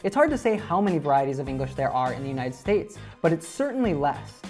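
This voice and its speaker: A woman presenting an online English lesson, explaining clearly and speaking directly to viewers. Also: sits low, very animated, quick pace, a little mellow, soft background music. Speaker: English teacher.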